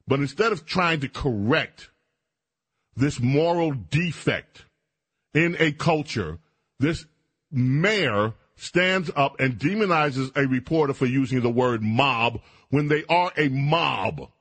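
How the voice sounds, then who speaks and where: A man's voice: mid-range voice, expressive, slow, fairly bright tone, breathy edge. A man hosting a radio talk show, delivering an indignant, emphatic monologue with stammered restarts.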